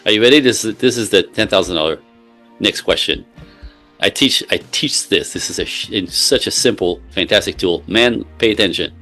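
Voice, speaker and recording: Male relationship coach, lowish voice, emphatic storyteller, faint music bed. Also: moderate pace, sharp tone. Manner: emphatic, keeps checking in with "right?". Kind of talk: interview guest explaining with examples.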